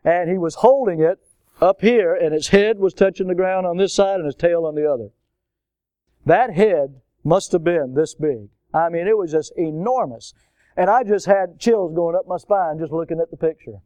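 A man's voice: sits high, moderate pace, no room sound. A man from Florida preaching a storytelling sermon, acting out the voices in his story. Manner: animated storyteller, acts out voices.

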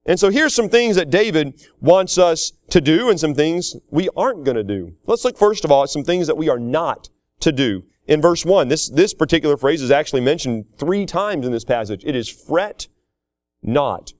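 Folksy preacher, dry close sound. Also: male voice, on the high side, normal speed, no echo. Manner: folksy, animated preaching with chuckles and acted-out quotes. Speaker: pastor. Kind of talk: sermon.

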